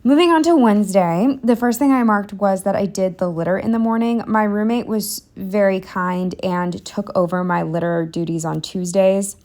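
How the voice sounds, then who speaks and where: A woman's voice: medium pitch, normal speed, hardly any pauses, a little mellow. Candid, rambling young woman vlogger. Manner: candid, self-deprecating, rambling with fillers. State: a bit out of breath. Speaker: planner vlogger. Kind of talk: casual voice-over narration.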